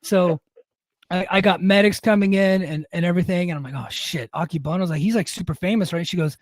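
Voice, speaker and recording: Middle-aged male podcast co-host, higher-pitched voice, dry close sound, profane and self-mocking storyteller. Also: fast talker, no room sound. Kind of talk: casual storytelling.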